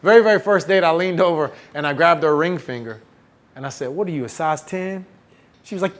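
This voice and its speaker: Motivational speaker, male, slightly high voice, animated storyteller who gets the crowd answering back. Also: fast. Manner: animated, acts out the voices of people in his story; calls out to the audience and gets them to answer back. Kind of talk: storytelling keynote to students. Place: campus event hall.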